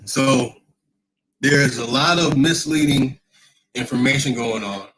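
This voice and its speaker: A man's voice: mid-range voice, slow, background noise. Rambling, emphatic male livestream host. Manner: rambling, emphatic, repeats himself. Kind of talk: casual livestream talk, reading chat.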